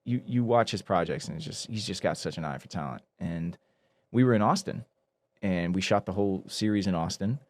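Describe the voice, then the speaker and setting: A man in his thirties, a guest actor, telling animated stories in a casual podcast chat. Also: sits low, brisk. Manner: animated storyteller who acts out quoted people.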